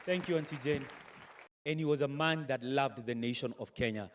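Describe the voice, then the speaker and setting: A man's voice: mid-range voice, normal speed, some chatter behind, slight background noise. A man acting as master of ceremonies at a funeral, making brief, formal announcements.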